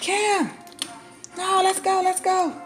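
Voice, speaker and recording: A flustered grown man in a panic, all exclamations and hurry, as a woman puts him on in a much higher voice. He pushes and fusses in quick bursts. Pots and cutlery clink under faint music. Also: flat delivery, fairly bright tone, full character voice. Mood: panicked. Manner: frantic, rushing, exclamatory.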